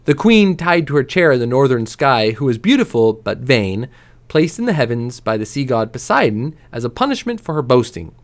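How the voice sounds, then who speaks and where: Animated man reading a novel aloud. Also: normal speed. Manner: expressive, lively voices for quoted lines; drops to a soft, low voice on quiet lines. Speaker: reader.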